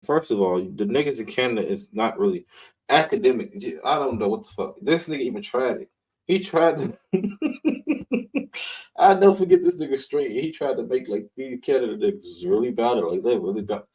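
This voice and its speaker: A man's voice: mid-range voice, lively intonation, normal speed, darkish tone, low-quality recording. A man with a mid-range voice hosts a live show and riffs in loose, profane commentary. He talks bluntly and mocks his targets as he goes. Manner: blunt, mocking, swearing freely.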